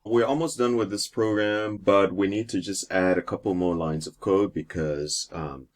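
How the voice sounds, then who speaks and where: A man with a very low, deep voice talks through a programming lesson on screen. He explains each step plainly, pausing with fillers now and then. Keyboard typing and mouse clicks sit faintly behind him. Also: fairly even intonation. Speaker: teacher. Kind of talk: screen-recorded coding lesson.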